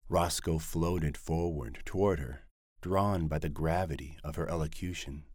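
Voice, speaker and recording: Deep-voiced man narrating an audiobook. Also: unhurried, darkish tone, dry recording, studio quality.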